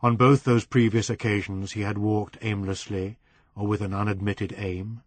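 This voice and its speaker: A man narrating a novel as an audiobook reader, in a measured way that slows on descriptive phrases. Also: lowish voice, level tone, dry recording.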